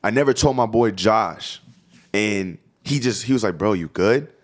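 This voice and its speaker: A young man co-hosting a podcast, telling a high school story in a casual, profane, animated way. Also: measured pace. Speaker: podcast co-host.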